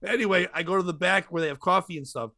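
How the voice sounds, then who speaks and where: A man's voice: high voice, quick pace, creaky, no room sound. A man hosting a podcast, telling a long comic story and acting out the voices of the people in it. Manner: animated, acts out quoted voices. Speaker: podcast host and comedian. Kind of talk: storytelling chat.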